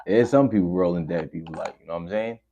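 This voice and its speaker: Speaking quickly in a warm, low voice, this man reacts to videos during a stream. His chat is relaxed and wandering, packed with slang, captured on somewhat muffled lo-fi audio.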